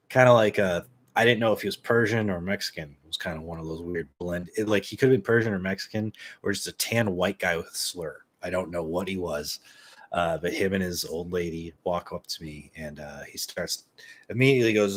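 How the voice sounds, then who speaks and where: Deep-voiced guy, late thirties, just rambling through a story, lots of ums. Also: steady tone, brisk. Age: 30s. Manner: rambling, full of fillers and restarts, swears casually. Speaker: vlogger. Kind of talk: casual storytelling.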